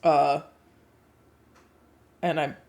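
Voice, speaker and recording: Woman, streamer, live reaction, lower voice, blunt, swears a lot, emotional. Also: flat delivery, drawn-out words, vocal fry, darkish tone.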